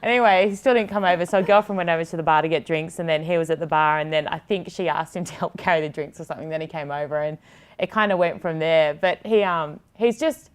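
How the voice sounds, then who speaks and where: A woman in her thirties with an Australian accent talks as a guest in a relaxed interview. Her voice sits on the low side and stays smooth and clear. She rambles chattily, with lots of fillers and restarts. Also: fast. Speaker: guest, TV presenter. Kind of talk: casual interview chat.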